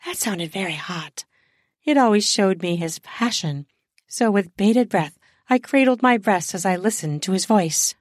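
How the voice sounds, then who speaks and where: A woman host narrating an erotic story in the first person with a deliberate, close-miked reading. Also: mid-range voice, animated, no echo.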